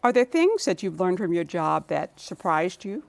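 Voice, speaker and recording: Lower-voiced woman hosting a TV interview. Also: sing-song, moderate pace, gravelly. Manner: composed, scripted closing. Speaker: TV interview host. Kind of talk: broadcast interview and sign-off. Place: TV studio.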